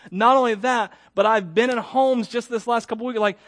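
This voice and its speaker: A man preaching a sermon in a conversational, self-deprecating way, asking the congregation questions, with loud emphatic peaks and quiet dropped endings. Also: very high-pitched, fairly even intonation, normal speed, dry recording, studio quality. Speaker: pastor.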